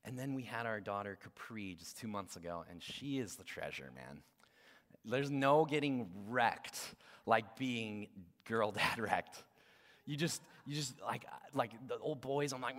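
A man in his thirties, a guest pastor preaching a sermon in a casual, conversational way that swings between loud emphasis and hushed, near-whispered moments. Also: mid-range voice, normal speed. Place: church hall. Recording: long reverb of a large hall.

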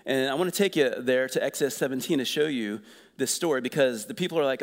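A man preaching a sermon in a conversational, energetic way, asking the congregation questions. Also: medium pitch, fast talker, in a large hall. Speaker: pastor.

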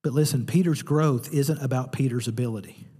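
A man preaching a sermon as pastor, telling a story with animated, lively delivery. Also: medium pitch, fairly quick, breathy edge, in a large hall.

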